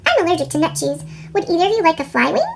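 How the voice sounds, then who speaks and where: A woman voicing a thoughtful female spider in a storybook reading, her voice sped up into a chipmunk pitch. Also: lively intonation, very fast, gravelly, a little hiss or hum, full character voice. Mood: musing. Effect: sped-up chipmunk pitch shift.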